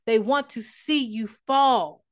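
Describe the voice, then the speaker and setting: A woman preacher delivering a sermon, emphatic at times and dropping to a hush for storytelling. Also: a little high, takes it slowly.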